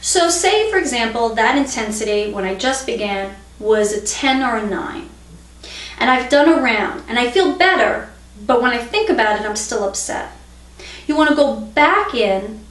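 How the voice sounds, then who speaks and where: A middle-aged woman calmly explaining a tapping technique as an instructor, in a steady teaching tone. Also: on the high side, normal speed. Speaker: EFT instructor. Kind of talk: instructional explanation with demonstration phrases. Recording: echoey room, mic at a distance.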